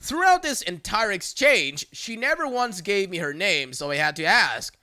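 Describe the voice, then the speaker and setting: Bright, lively story narrator. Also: mid-range voice, normal speed. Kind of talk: reading a story aloud.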